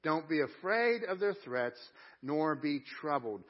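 A male pastor preaching to his congregation at a live service, his voice pitched a little high. He is earnest and drags out key scripture phrases for weight. The sound is slightly dull and lo-fi. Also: big pitch swings, unhurried. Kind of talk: sermon. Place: church sanctuary at a live service.

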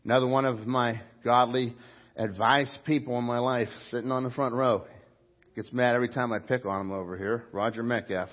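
Animated preaching man, lo-fi. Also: medium pitch, a little fast. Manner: animated preaching, swinging between loud emphatic bursts and quiet asides. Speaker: pastor. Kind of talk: sermon. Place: church sanctuary before a congregation.

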